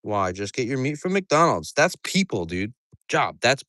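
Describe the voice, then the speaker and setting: Animated, foul-mouthed farmer man. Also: medium pitch, a little fast, dry recording, clean studio sound. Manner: profane, joking and rambling. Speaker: farmer and livestream host. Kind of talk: casual livestream chat while doing farm chores. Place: outdoors on a farm.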